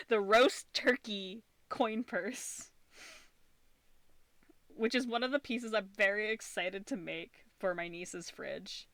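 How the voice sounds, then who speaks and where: A woman streaming from an upstairs room at home, chatting casually while she crochets and laughing often, her voice slightly husky from talking. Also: medium pitch, slow, long pauses, fairly bright tone, dry recording.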